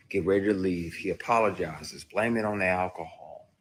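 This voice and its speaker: A man, an actor, telling a personal story in a candid livestream monologue, emphatic and heated with sudden loud outbursts, speaking into a phone. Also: sits low, moderate pace. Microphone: phone on a live stream.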